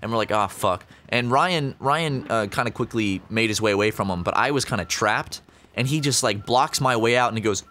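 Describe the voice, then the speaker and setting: A young man co-hosting a podcast tells a rambling, casual story full of fillers and swearing. His voice sits on the low side and moves fairly quickly, with a pushed, bright quality.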